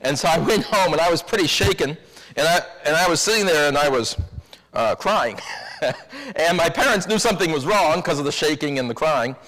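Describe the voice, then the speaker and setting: A man's voice: on the high side, animated, fairly quick, fairly bright tone. A man preaching a sermon as minister, telling a story in a wry, confiding way. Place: church sanctuary. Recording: long church reverb.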